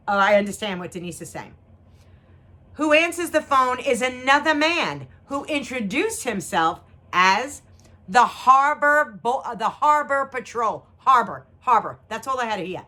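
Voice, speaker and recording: A woman's voice: a little high, sharp tone. A woman telling a story as a mother, dramatic and acting out the voices of the people in it, speaking straight to the viewers. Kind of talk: animated storytelling chat. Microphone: two cameras.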